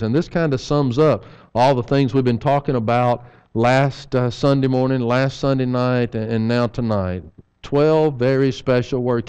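A man's voice: medium pitch, mellow, smooth. A man preaching an evening sermon in a church, folksy, with rhetorical questions and humorous asides.

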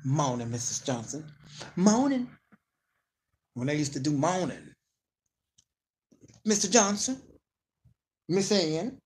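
Prim old-fashioned lady, as a man puts her on, stiff drawn-out greetings, pitched well up. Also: big pitch swings, darkish tone. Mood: stiffly polite. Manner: exaggerated, drawn-out formal greetings.

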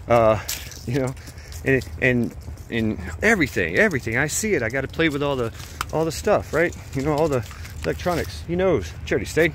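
A man's voice: mid-range voice, sing-song, normal speed, vocal fry, a bit bright, a little hiss or hum. Rambling man telling a story outdoors at night. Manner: rambling, full of fillers and restarts. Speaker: vlogger. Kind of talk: casual storytelling while walking a dog.

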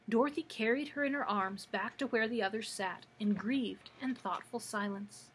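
A librarian, a woman, reading a children's book aloud with steady, expressive storytelling. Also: fairly high pitch, normal speed, few pauses, a little hiss or hum.

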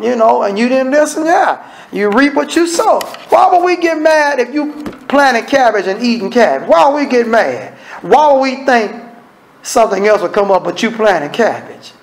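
A man preaching with a high, gravelly voice that has a rough, creaky edge. He talks in a folksy, conversational way, blunt and scolding with a streak of humor, often slipping into short acted-out exchanges between people. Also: big pitch swings, normal speed, slight background noise, low-quality recording. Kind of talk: evening sermon.

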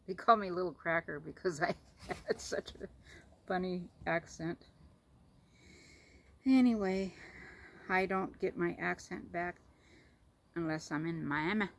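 Gravelly southern woman cooing over her pet. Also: lowish voice, fairly even intonation, unhurried, pauses often, low-quality recording. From Florida, US. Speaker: vlogger. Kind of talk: casual chat.

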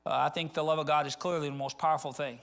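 A man's voice: fairly high pitch, steady tone, fast talker, gravelly, a bit bright. A middle-aged man from rural Arkansas, preaching a conversational sermon that rises into fervent appeals. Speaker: pastor.

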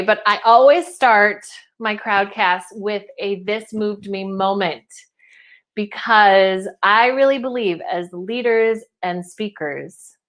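A woman hosting a live webinar from home as a speaking coach, upbeat and emotional, close to tears, reading out chat messages. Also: mid-range voice. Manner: warm, upbeat, emotional and chatty. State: teary, close to crying. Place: her home.

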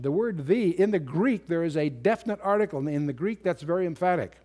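A man's voice: fairly high pitch, lively intonation, fairly quick, few pauses, mellow. Man teaching Bible verses in a lecture. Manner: unscripted, emphatic, with frequent restarts and fillers; reads scripture aloud in King James wording. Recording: remastered lecture recording.

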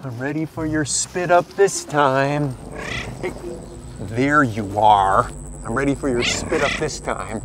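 A woman's voice: rumbling low, takes it slowly, background noise. A grown woman playing a park ranger in a kids' adventure skit, with playful, exaggerated reactions and comic squeamishness. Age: adult. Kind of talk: acted children's adventure skit.

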